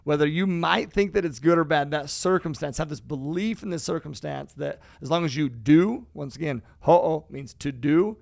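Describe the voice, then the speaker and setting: A man with a raspy, creaky voice that sits a little high, co-hosting a motivational podcast. He talks with casual, emphatic conviction and curses now and then. The recording is dry and close, with no room sound. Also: moderate pace, few pauses, a little mellow, no echo. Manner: emphatic, casual, swears freely. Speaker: podcast co-host.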